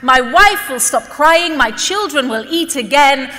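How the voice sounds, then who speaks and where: A woman voicing a kind, devout male taxi driver who talks in loud, effusive blessings. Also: high-pitched, measured pace, long reverb tail. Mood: overjoyed.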